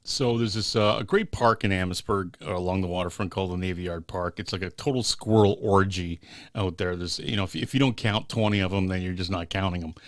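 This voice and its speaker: A man's voice: deep voice, steady tone, fairly quick, no echo, studio quality. A man co-hosting a casual podcast, loose and joking, swearing now and then. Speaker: podcast co-host. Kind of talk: casual chat.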